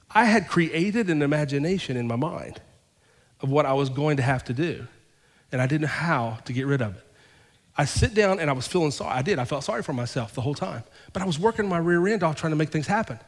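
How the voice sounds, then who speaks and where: A male pastor preaching a sermon, telling a personal story and acting out both sides of the conversations, then building to fervent, loud preaching. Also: a little high, long reverb tail.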